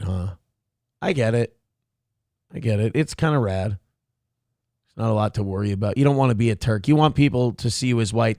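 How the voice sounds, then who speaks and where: A man's voice: medium pitch, vocal fry, a little mellow, no room sound, clean studio sound. A man hosting a show, reacting to a clip with angry, mocking commentary full of swearing. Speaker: show host.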